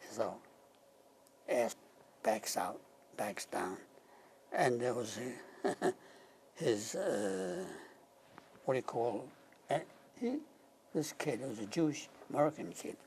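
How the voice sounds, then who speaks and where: A man in his nineties, a war veteran, telling stories from his past in an interview and sometimes dropping to a hush. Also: medium pitch, expressive, slight background noise. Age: 90s. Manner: slow anecdotal storytelling, dropping to a hush at key moments. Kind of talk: reminiscing in an interview.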